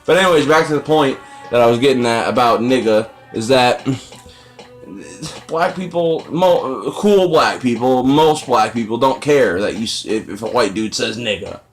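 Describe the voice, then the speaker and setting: A man's voice: mid-range voice, expressive, unhurried, soft background music. Rambling, profane young man gamer. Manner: rambling, profane, self-deprecating. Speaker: let's play gamer. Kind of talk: casual gameplay commentary.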